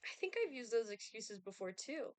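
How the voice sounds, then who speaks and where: A woman's voice: fairly high pitch, big pitch swings, normal speed, no echo. Playful streamer girl reading game lines, teasing and giggly, dry close sound. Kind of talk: casual game playthrough, reading dialogue aloud.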